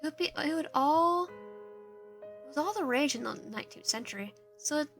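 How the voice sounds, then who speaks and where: A woman's voice: high-pitched, animated, moderate pace, music in the background. A woman streamer reading a visual novel aloud, narration and player lines, often stumbling and restarting. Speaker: game streamer.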